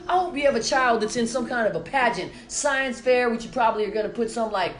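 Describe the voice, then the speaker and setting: A woman's voice: on the high side, animated, fast. Furious profane woman ranting in an echoey room. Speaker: musician. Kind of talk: angry direct-to-camera rant. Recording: roomy echo with faint music.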